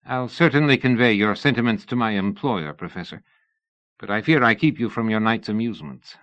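A sly, smug young dandy, as a male narrator puts him on, smooth-talking and pleased with himself. The voice sits fairly low and the audiobook recording is dry, with a slightly dull, muffled tone. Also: a little fast, fairly bright tone, no echo, close to an everyday voice.

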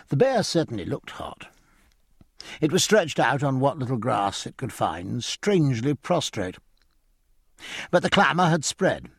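A man narrating a story in a measured storytelling manner. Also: medium pitch, very animated, vocal fry, husky, dry recording, clean studio sound. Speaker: audiobook narrator. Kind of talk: scripted narration.

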